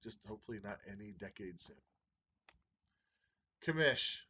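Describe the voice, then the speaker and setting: A man who runs a fantasy football league, giving members a casual video update in an excited, rambling fan's manner. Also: mid-range voice, normal speed. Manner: excited, rambling sports fan banter.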